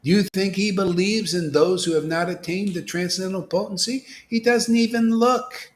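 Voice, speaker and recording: A man giving an informal, animated devotional talk as a spiritual teacher, dropping to whispers and rising to exclamations. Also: high voice, normal speed. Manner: animated preaching, swings from whispers to loud exclamations.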